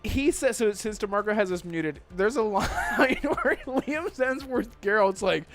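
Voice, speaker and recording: A man hosting a gaming podcast in casual chat, excitable and laughing often as he rants. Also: high voice, unhurried, faint music behind. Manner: excitable, laughs often, swears while ranting. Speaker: podcast host.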